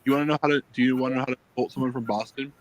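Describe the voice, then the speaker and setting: An easygoing man chats casually, often agreeing with his co-host. His pitch is average. The sound is dry and close. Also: steady tone, no room sound, highs cut off. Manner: easygoing, quick to agree and laugh. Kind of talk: casual chat.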